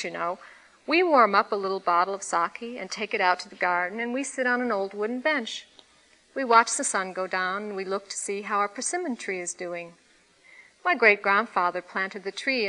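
A woman's voice: mid-range voice, lightly acted, low-quality recording. A woman voicing a cheerful, kindly old man in his seventies who talks in an easy, delighted, chatty way. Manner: easygoing, delighted, gently chatty.

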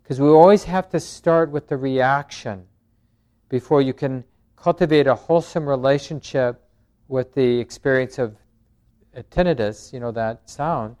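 Male meditation teacher, calm and unhurried, smooth resonant tone. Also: mid-range voice. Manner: calm, gentle, thoughtful. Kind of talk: dharma talk with group questions.

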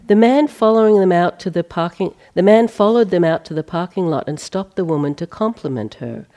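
A middle-aged woman teaching meditation, her voice low-pitched, warm and mellow. She talks gently and without hurry, easing into stories with a touch of humor, like a retreat dharma talk. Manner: gentle, unhurried storytelling with light humor.

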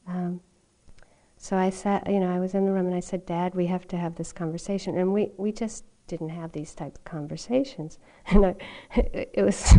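Woman, middle-aged, meditation teacher, mellow warm tone, rambling conversational storytelling, dharma talk. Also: mid-range voice, normal speed. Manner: conversational storytelling with frequent "you know" and soft laughs. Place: meditation retreat hall.

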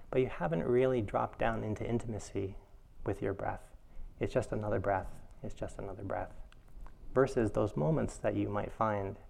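A man's voice: fairly low pitch, gravelly. A man giving a reflective dharma talk as a meditation teacher. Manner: reflective, animated when telling a funny story.

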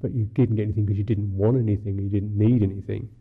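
A male Buddhist monk gives a dharma talk in a wry, unhurried, musing way. His voice is husky with a gravelly edge, sitting at an ordinary pitch for a man. The recording is thin and phone-like. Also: little pitch movement. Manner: musing, unhurried, wry, many "you know" fillers.

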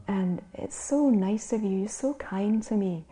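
A woman voicing a kindly, frail old Scottish woman who thanks people warmly, with a gentle Scottish lilt. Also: medium pitch, unhurried, pitched above the performer's own voice, natural voice. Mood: grateful. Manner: warm, grateful and gentle.

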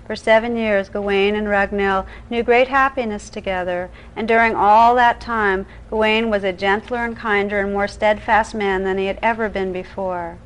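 A woman meditation teacher reading an old legend aloud in a calm, measured way during a dharma talk. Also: mid-range voice, clean tone, low-quality recording.

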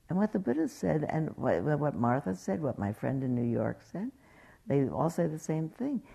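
A woman's voice: low voice, big pitch swings, moderate pace, vocal fry, slightly rough. A woman meditation teacher giving a dharma talk, telling stories in an anecdotal way and acting out quotes. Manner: warm anecdotal storytelling, acts out quotes.

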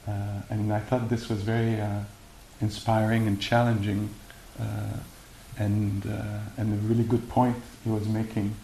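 A man giving a meditation talk and answering questions, speaking haltingly with many fillers and restarts. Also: on the low side, level tone, creaky, warm tone. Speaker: meditation teacher. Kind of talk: dharma talk and Q&A. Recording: echoey room with faint hiss.

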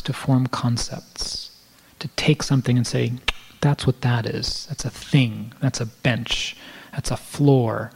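Husky man giving a reflective dharma talk. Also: medium pitch. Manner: reflective, with frequent restarts and soft asides. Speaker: meditation teacher. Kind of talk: dharma talk to a live audience. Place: room with a live audience.

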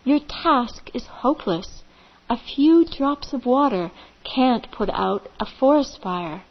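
A woman's voice: sits high, expressive, slow pace, highs cut off, exaggerated voice. A woman voicing a solemn, majestic golden eagle in a told fable, who commands and warns. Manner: solemn, commanding, urgent warnings.

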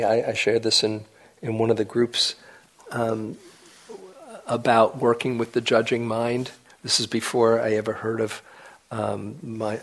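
A man giving a dharma talk as a meditation teacher at a retreat, gentle and unhurried, sometimes dropping to a soft whisper. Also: medium pitch, vocal fry, low-quality recording.

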